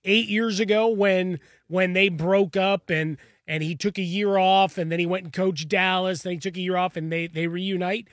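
A man's voice: high-pitched, fairly even intonation, moderate pace, hardly any pauses, no echo, clean studio sound. A man co-hosting a sports talk show, chatting casually and explaining with everyday analogies. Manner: conversational, builds analogies. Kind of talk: casual sports radio chat.

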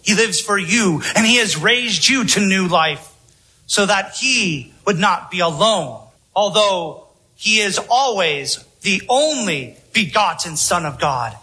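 High-voiced, slow, solemn male preacher. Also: expressive, pushed and bright, slightly rough, rough recording. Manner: solemn, emphatic preaching with long pauses. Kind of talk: sermon.

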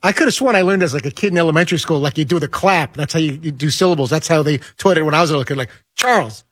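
Fast-talking needling male co-host. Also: a little high, a bit bright, no room sound, clean studio sound. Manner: needling, argumentative. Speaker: radio co-host. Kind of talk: sports talk radio banter.

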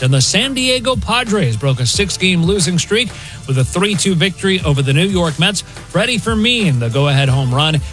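A man anchoring a scripted sports news update, with a brisk newsreader delivery. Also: high voice, a bit bright.

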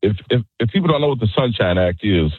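A male caller on a radio show giving his opinions in a halting way, repeating words as he goes, over a phone line. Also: lowish voice, animated, no room sound.

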